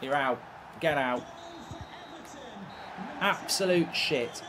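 A man's voice: a little high, very slow, heavy background noise. A man streaming gameplay, ranting and swearing in exasperation as he commentates. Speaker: streamer and host.

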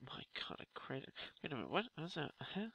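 Loud, exasperated young man gaming. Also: a little high, sing-song, fast, vocal fry, highs cut off, a little hiss or hum. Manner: loud, exasperated, swearing outbursts. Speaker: gaming YouTuber. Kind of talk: Let's Play commentary.

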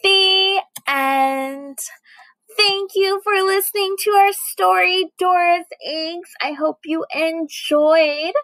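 A woman reading a children's story aloud in an animated way, gasping and asking her listeners questions. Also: very high-pitched, slow, no room sound, low-quality recording.

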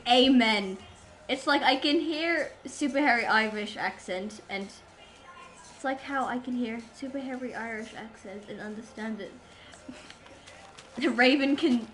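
A woman's voice: on the high side, a bit bright, rough recording. A woman livestreamer rambling in casual chat with her viewers while gaming, giggling and poking fun at herself. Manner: rambling, giggly, self-mocking.

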